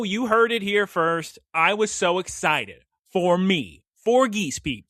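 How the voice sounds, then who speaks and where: A man hosting a casual podcast, telling stories in an animated, jokey way with playful asides. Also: high-pitched, no room sound, clean studio sound. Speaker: podcast host.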